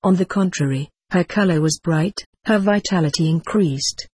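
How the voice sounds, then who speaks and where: Give me a calm audiobook narrator at a middling pitch with a slightly breathy voice. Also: normal speed, no room sound.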